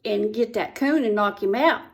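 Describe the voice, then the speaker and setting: A woman voicing a calm, fatherly country dad in her own storytelling voice. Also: mid-range voice, moderate pace, creaky, lightly acted. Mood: instructing.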